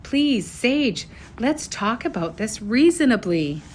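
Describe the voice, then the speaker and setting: A woman voicing a stiff, formal grown-up father in a storybook reading, speaking in a measured, formal way. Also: a little high, big pitch swings, a little hiss or hum. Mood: pleading.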